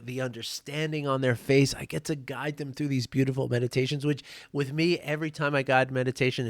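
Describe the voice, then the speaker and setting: A man's voice: medium pitch, dry recording, clean studio sound. A man talking as a life coach in a casual, chatty monologue, often drifting off topic and checking in with the listener. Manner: chatty and digressive, keeps asking "right?". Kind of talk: casual solo podcast monologue.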